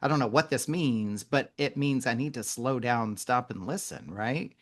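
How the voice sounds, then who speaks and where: A man hosts a podcast interview, his voice mid-pitched and unhurried. He speaks gently, affirming his guest with soft murmurs and inviting her to say more through open questions. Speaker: podcast host. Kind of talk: conversational interview.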